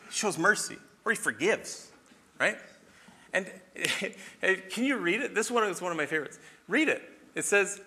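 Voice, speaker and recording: A man teaching the Bible in an animated sermon, asking rhetorical questions and often checking in with "okay?". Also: sits high, moderate pace.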